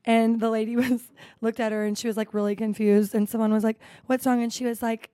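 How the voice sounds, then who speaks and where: A woman in her thirties co-hosting a podcast, telling stories in a lively, casual way with plenty of swearing and laughter. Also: a little high, quick pace, no room sound. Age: 30s. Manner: animated storytelling with frequent swearing and laughs. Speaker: podcast co-host. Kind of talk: casual chat.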